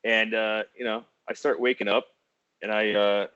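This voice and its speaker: A man hosting a podcast, telling a casual story in a profane, animated way and laughing often. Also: fairly low pitch, moderate pace, clear, resonant tone, dry recording. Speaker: podcast host. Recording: dull, dry lo-fi podcast audio.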